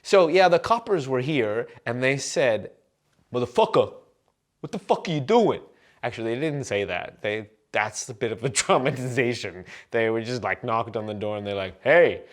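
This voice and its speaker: A man vlogging to camera in a rambling, absurd comic monologue full of fillers and deadpan jokes. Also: mid-range voice, normal speed, hardly any pauses.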